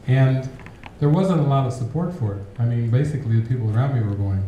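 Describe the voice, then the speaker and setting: Mellow-voiced man teaching in an echoey hall. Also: mid-range voice, fast talker, hardly any pauses, distant mic, highs cut off, slight background noise. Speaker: spiritual teacher. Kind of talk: spiritual talk with audience question.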